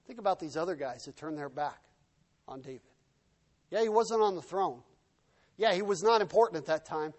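A man preaching a sermon, retelling a story dramatically, acting out the shouts and quoted speech of the people in it and swinging from hushed to loud. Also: fairly high pitch, expressive, normal speed, long pauses.

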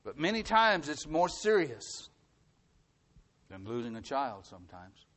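In this sermon, a middle-aged man serving as pastor repeats ideas to build them up, alternating bursts of loud emphasis with soft, quiet sections. He has a medium pitch and is very animated, keeping a measured pace.

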